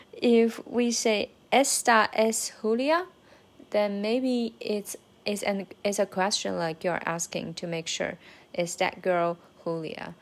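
A woman's voice: mid-range voice, fairly even intonation, takes it slowly, darkish tone. A woman whose first language is Mandarin Chinese, keeping a casual spoken diary of her language study, hesitant with many fillers, sounding out practice phrases carefully.

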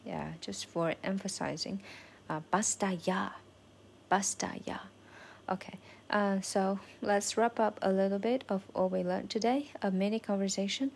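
A woman whose first language is Chinese keeps a casual spoken learning diary, pausing often with fillers and repeating phrases to practise them. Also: mid-range voice, fairly even intonation, vocal fry, slight background noise.

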